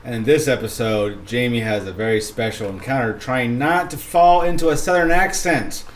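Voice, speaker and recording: A man's voice: medium pitch, moderate pace, a little hiss or hum. A man introducing himself as a tabletop game player, playful. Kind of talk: casual tabletop play.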